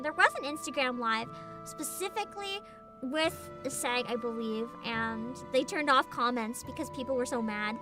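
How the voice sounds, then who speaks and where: A woman streaming as a VTuber, ranting sarcastically in a casual livestream and laughing often. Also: sits high.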